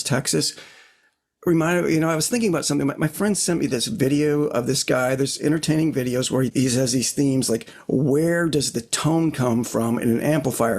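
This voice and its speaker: Gravelly middle-aged man rambling casually. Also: mid-range voice, a little mellow. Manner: rambling, reflective, many "you know what I mean" asides. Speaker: podcast co-host. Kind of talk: casual chat about guitars. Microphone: own desk microphone.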